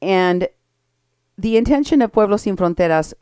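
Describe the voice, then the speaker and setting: A woman hosting an opinionated political commentary show, talking briskly and sarcastically and laughing at her targets. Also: medium pitch, expressive, dark tone, clear, resonant tone, no echo, clean studio sound.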